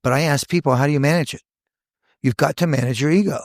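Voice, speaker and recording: A man in his sixties, a hair educator, telling stories from his career in a lively podcast chat, acting out the voices of people he quotes. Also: fairly high pitch, quick pace, dry recording, studio quality. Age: 60s. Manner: animated storyteller, acts out quoted voices. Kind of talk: casual podcast storytelling.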